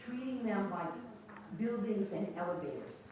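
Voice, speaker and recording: A woman's voice: mid-range voice, normal speed. Brief: woman presenting a teacher workshop, heard from a distance in a noisy room. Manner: chatty, animated, many ums and restarts. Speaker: pronunciation teacher trainer. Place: large lecture room. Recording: echoey hall from far off with noise.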